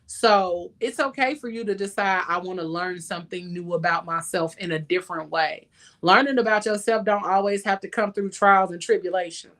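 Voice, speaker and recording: A woman's voice: on the low side, normal speed, fairly bright tone. Emphatic woman giving casual advice. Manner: emphatic, laughs often, sings a line. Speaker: podcast host.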